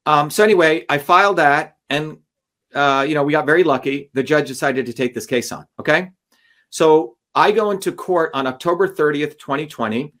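A man telling a long story in an interview, animated and acting out the voices of others as he goes. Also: on the high side, moderate pace. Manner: animated, acts out courtroom dialogue. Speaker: guest.

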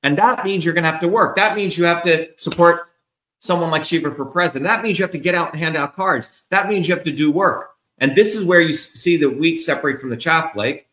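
A man's voice: on the high side, fairly quick, fairly bright tone, echoey room. A man being interviewed as a political candidate, ranting in a combative, profane, emphatic way. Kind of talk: heated interview rant.

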